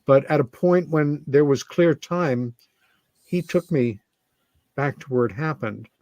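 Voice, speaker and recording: A man interviewing a guest on a video call, speaking casually and haltingly with fillers. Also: on the high side, a little mellow, no echo. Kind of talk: casual conversation.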